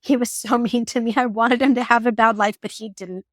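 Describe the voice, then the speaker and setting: A woman in her forties telling a personal story on her vlog in an animated, emotional way, laughing now and then. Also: on the high side, a little fast, dry recording, clean studio sound. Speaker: vlogger.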